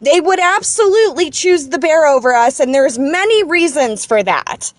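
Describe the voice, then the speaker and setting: A woman's voice: sits high, expressive, moderate pace, no echo. A woman calling into a live stream, speaking in an impassioned political rant, angry and shaken, repeating herself and restarting her sentences. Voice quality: emphatic, repeats herself, restarts when upset.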